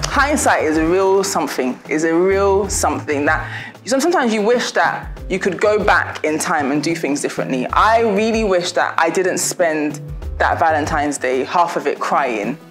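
A young woman vlogger, chatty and laughing as she gives warm, preachy advice in a casual talk to her viewers. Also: on the low side, animated, a little slow, faint music behind.

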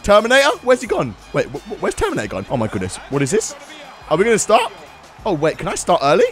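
A young man giving excitable, laughing commentary while playing a wrestling video game. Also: high voice, quick pace, faint music behind. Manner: loud, laughing, swings between shouts and mumbles. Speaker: gaming YouTuber.

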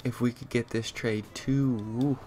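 A man's voice: medium pitch, steady tone, unhurried, warm tone. A young man giving casual gameplay commentary, thinking aloud with frequent fillers as he talks through his moves. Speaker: gaming youtuber.

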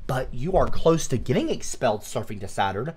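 A man livestreaming, scolding his chat like a mock teacher, shifting from shouts to slow hushed lecturing. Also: mid-range voice, sing-song, slightly rough. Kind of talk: ranting livestream talk.

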